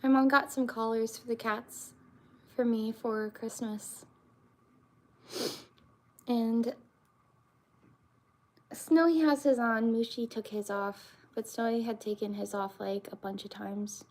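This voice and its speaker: A woman's voice: on the high side, fairly even intonation, slow pace, pauses often. A young woman, chatting casually with her stream viewers in a rambling way, full of fillers and restarts. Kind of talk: casual live-stream chat.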